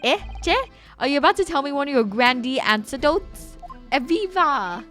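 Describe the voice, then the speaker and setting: Showy Italian noble swindler, young man, bright voice, read by a woman. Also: high-pitched, expressive, normal speed, soft background music, voice pushed up. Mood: boastful. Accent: put-on Italian. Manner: showy, theatrical. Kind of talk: reading game dialogue aloud.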